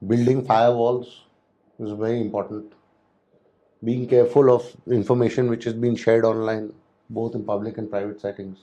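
A man's voice: medium pitch, little pitch movement, normal speed, mellow, low-quality recording. A man giving a spoken lecture on hotel safety and security, talking loosely with frequent restarts and fillers. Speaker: hospitality security instructor.

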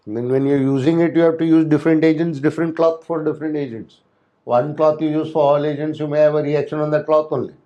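A man's voice: on the high side, steady tone, fast talker, dark tone, dull audio. A man giving a spoken lecture on hotel safety and security, talking loosely with frequent restarts and fillers. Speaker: hospitality security instructor.

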